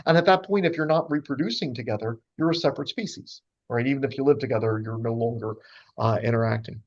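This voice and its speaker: A man's voice: mid-range voice, quick pace, muffled recording. A man giving a casual, chatty lecture with slides to a group of birders, full of fillers and playful asides. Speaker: speaker giving a talk to birders.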